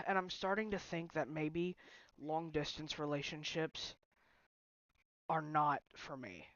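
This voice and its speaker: Young man, frustrated vlog rant, halting restarts, dull lo-fi sound, dry room. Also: a little high, fairly even intonation, pushed and bright, no echo. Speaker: vlogger. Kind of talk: emotional personal vlog rant. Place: bedroom at home.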